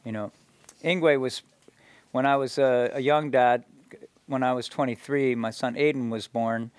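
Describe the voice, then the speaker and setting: A man telling stories to an audience in a loose, halting way, with frequent restarts and filler phrases. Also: medium pitch, fairly even intonation, clear, resonant tone, no room sound. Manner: halting, many restarts and "you know". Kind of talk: casual storytelling talk.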